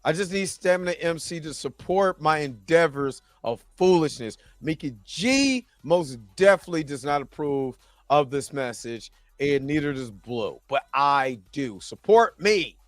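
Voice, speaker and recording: A man's voice: fairly high pitch, expressive, unhurried, no echo. A man hosting a live reaction show, chatting loosely and joking around, rambling with frequent laughs. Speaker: host. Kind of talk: casual reaction livestream chat.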